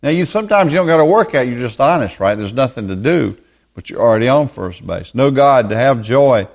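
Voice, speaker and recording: A man's voice: medium pitch, lively intonation, a little fast. A man teaching verse by verse from the Bible, stressing points by repeating words again and again.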